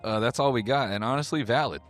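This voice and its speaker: A man's voice: medium pitch, quick pace, faint music behind. A man giving comedic reaction commentary, joking and laughing with casual swearing. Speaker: commentary host.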